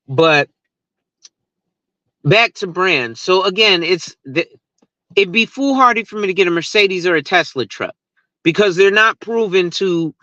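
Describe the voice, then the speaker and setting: Guy ranting on camera, high bright voice, cussing a lot, kinda dull dry sound. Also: dry recording. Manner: profane, rambling, laughs at his own stories. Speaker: insurance agent and social media host. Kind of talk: casual rant to camera.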